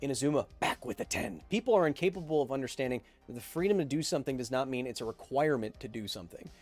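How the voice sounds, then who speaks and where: A man in his thirties hosting a casual podcast live stream, reading viewer questions and answering with animated, opinionated emphasis. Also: quick pace, faint music behind. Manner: animated and opinionated, with emphatic swings in pitch and volume.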